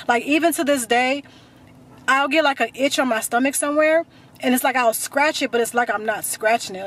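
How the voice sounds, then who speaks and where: A woman's voice: on the high side, fairly bright tone, a little hiss or hum. A young woman vlogging casually, chatty and repetitive, talking straight to her viewers. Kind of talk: casual chat to camera.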